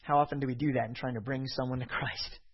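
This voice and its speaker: A man preaching a sermon, reading scripture aloud and acting out the voices with an expressive delivery. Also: mid-range voice, fast talker, breathy edge, dull audio.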